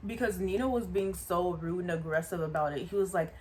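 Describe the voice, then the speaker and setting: A woman vlogger telling a story in a casual, animated way, often stopping to remind the viewer of details. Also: sits low, brisk, few pauses. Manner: animated, chatty, repeats asides to the viewer.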